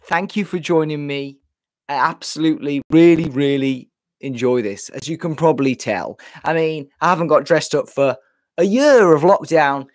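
A man's voice: on the high side, moderate pace, no room sound. Chatty man hosting a live stream from home, out of breath, repeats himself, dry close webcam sound. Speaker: livestream host. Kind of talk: casual live-stream chat. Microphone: webcam setup.

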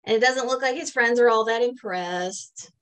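A woman museum educator, reading a picture book aloud to children in a playful, gentle way. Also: on the high side, moderate pace. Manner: playful, gentle, talks to kids.

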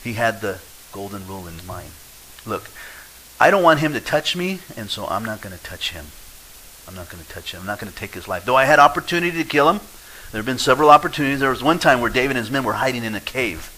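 A male pastor preaching a sermon, lively and acting out quoted voices, swinging between loud and quiet. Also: on the low side, fast, a little hiss or hum, low-quality recording.

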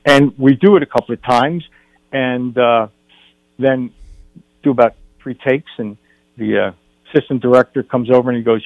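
A man's voice: mid-range voice, moderate pace, pauses often, no echo. Older guy telling a long showbiz story, does the voices, dull dry studio sound. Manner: animated storyteller acting out dialogue. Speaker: film director, guest. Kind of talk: storytelling on a radio talk show.

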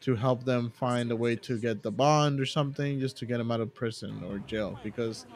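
A man's voice: medium pitch, moderate pace. A man hosting a live stream, telling a story in casual chat, rambling and correcting himself often with lots of "you know" and "like".

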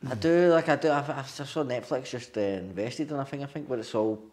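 A Scottish man talks at a brisk clip in a relaxed interview. He sounds keen and agreeable, leaning on "definitely" and "man" as he goes. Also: medium pitch. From Scotland. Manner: fast, enthusiastic, peppers speech with "man" and "definitely". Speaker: writer-director guest. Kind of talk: casual interview chat.

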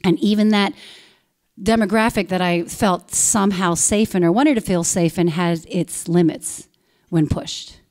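A woman in her forties, an actress telling a personal story live on stage into a handheld mic, animated and bursting into loud quoted lines. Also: fairly low pitch, unhurried. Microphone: handheld stage microphone.

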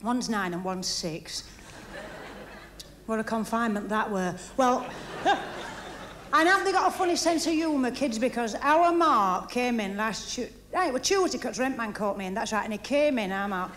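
A woman doing a stand-up routine, gossiping in a chatty way and firing off deadpan one-liners while laughing at her own jokes. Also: fairly high pitch, moderate pace, slight background noise. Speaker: stand-up comedian. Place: TV studio stage before live audience. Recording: archive TV recording with audience laughter.

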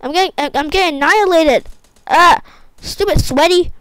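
A young woman commentating her own gameplay, excitable and repetitive, often exclaiming. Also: very high voice, normal speed, no room sound, poor audio. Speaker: gaming YouTuber.

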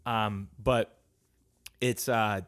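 A man talks slowly through a one-man podcast rant. He is crude and profane, drifting between tangents and bursting loud without warning. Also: fairly low pitch, steady tone. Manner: crude, profane and rambling, with sudden loud outbursts. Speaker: podcast host. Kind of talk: casual solo podcast rant.

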